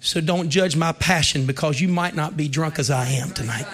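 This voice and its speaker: A man in his thirties preaches a revival sermon in a church, his voice pitched high and ringing bright. He swings from shouted exhortation down to hushed, confiding storytelling. Faint music plays behind him. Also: normal speed. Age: 30s. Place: church before a congregation.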